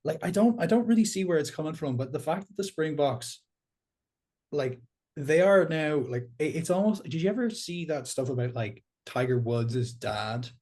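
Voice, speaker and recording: An Irish man talking in a casual podcast chat, ranting in an animated, sweary way and laughing as he goes. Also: on the high side, moderate pace.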